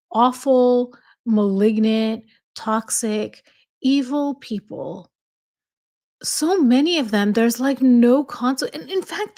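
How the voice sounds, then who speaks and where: A woman's voice: fairly high pitch, darkish tone. A woman with a slight accent hosting a casual livestream chat, reading viewer comments aloud and answering them. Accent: slight foreign accent.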